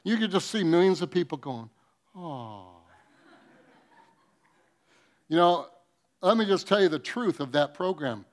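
A man preaching a sermon, telling comic stories with acted-out quotes and swinging between loud bursts and soft, earnest passages. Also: high-pitched, animated, brisk. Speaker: pastor.

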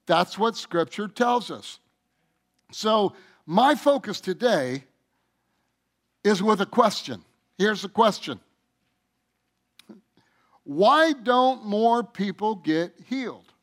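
A man's voice: sits high, animated, takes it slowly, long pauses. A male pastor preaching a sermon, speaking emphatically and addressing the congregation directly.

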